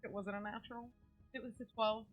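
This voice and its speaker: A woman's voice: fairly high pitch, fairly even intonation, fast, muffled recording, soft background music. A woman playing a tabletop game, playful and joking as she talks about her rolls. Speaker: player. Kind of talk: casual tabletop play.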